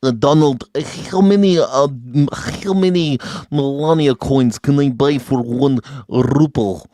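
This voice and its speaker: A man's voice: mid-range voice, very slow, dark tone, no room sound, clean studio sound. A man doing a mocking impression of a Russian leader who halts and stammers while begging to buy a coin. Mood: pleading. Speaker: live streamer doing an impression.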